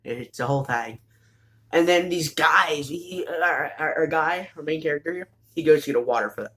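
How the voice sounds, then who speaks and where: A man's voice: a little high, moderate pace. Rambling man recapping an anime. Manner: rambling, full of fillers and restarts; bursts into excited exclamations.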